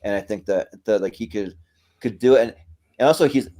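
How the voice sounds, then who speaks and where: A man's voice: on the low side, fairly quick, warm tone. A man on a casual panel chat, hesitant, repeating words and laughing often.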